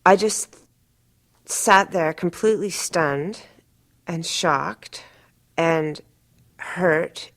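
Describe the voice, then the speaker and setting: A woman's voice: fairly low pitch, very slow, pauses often. A woman speaking to camera, animatedly retelling a personal story and speeding up as it heats up. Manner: animated, speeds up and rises sharply when retelling conflict. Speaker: interviewee.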